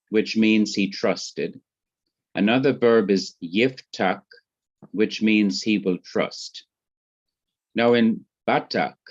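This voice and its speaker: A man with a Jamaican accent teaching Hebrew grammar in a classroom lecture, speaking slowly and deliberately and repeating his points. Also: fairly low pitch. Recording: muffled lo-fi classroom recording.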